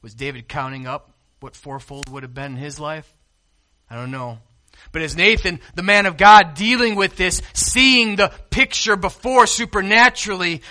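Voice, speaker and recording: Bright-voiced preaching man. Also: high voice, normal speed. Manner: preaching with big swings from quiet to loud; asks the congregation questions. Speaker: pastor. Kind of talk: sermon.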